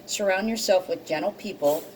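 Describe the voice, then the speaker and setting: A woman's voice: medium pitch, moderate pace, a little mellow, slight background noise, low-quality recording. A woman giving a casual tarot card reading to her viewers, emotional and teary, laughing often and swearing freely. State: teary and sniffling. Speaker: intuitive card reader.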